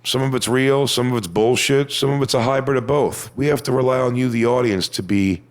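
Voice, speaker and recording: Speaking fairly quickly in a mid-range voice, this comedian works through a crude stand-up story, his punchlines escalating into shouts.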